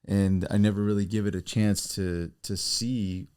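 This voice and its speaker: A man's voice: lowish voice, steady tone, moderate pace, a little mellow, clean tone. A man co-hosting a casual faith-based chat podcast, reflective and posing questions to listeners. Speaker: podcast co-host.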